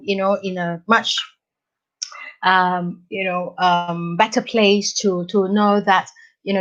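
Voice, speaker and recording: A middle-aged woman with a Singaporean English accent, hosting a live parenting lesson in an animated, chatty manner, tagging her sentences with "okay?" and "right?". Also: mid-range voice, highs cut off. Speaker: parenting educator, live session host. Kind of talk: live-stream parenting talk to viewers.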